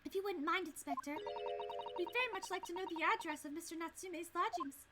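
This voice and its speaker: A woman's voice: extremely high pitch, a little fast, loud music behind the voice, pitched above the performer's own voice. A woman voicing a polite, earnest young female assistant in a formal manner.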